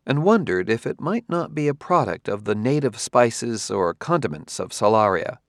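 A man narrates an audiobook in a steady, measured way. His voice sits low with a gravelly texture. The sound is dry and close. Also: no echo. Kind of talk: scripted narration.

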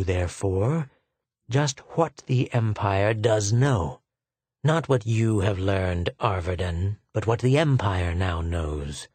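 A man reading a cruel, sneering male official, speaking in a contemptuous, deliberate way. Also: on the low side, a little mellow, husky, no echo, heavily acted.

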